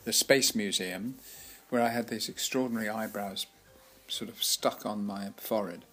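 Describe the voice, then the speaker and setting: A man's voice: lowish voice, normal speed, sharp tone, slightly rough. An older man and former actor, telling chatty, laughing anecdotes in an interview with frequent restarts. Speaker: guest actor.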